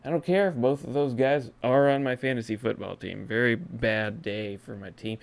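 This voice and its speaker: A man in his thirties doing a comedic sports rant as a podcast segment host, swinging between shouts and hushed lines. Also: medium pitch, fairly even intonation, normal speed, creaky, hardly any pauses. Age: 30s.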